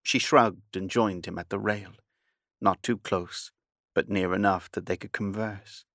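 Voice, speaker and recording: A man narrating a novel aloud with a measured storytelling delivery. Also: low voice, fairly even intonation, fairly bright tone, dry recording, studio quality. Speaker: audiobook narrator. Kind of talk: scripted narration.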